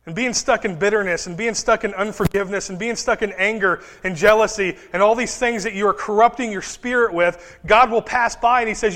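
A man preaching a sermon as a pastor, animated and conversational, dropping into quick voices for Bible figures. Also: sits high. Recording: reverberant hall.

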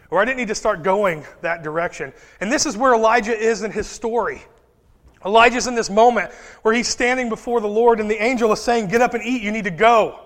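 High-voiced preacher in a reverberant hall. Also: male voice. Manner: animated preaching, voices Bible figures in quick asides. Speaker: pastor. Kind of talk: sermon.

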